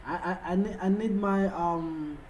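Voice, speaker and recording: A man's voice: sits high, measured pace, darkish tone, highs cut off, slight background noise. A Nigerian man whose first language is Yoruba, hosting a trading livestream and hyping up viewers with repeated calls while putting on a foreign-sounding English accent. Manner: hyped, repetitive calls to viewers. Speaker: livestream host, trading analyst. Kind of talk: live-stream chat with viewers.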